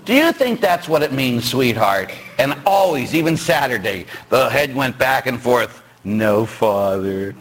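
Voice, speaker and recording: A man preaching as a Catholic priest, his husky voice swinging widely in pitch. He talks in a joking, conversational way and fires rhetorical questions at the congregation. He breaks into loud shouts now and then. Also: sing-song, moderate pace, hardly any pauses. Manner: bursts into shouting when acting out stories. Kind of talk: sermon.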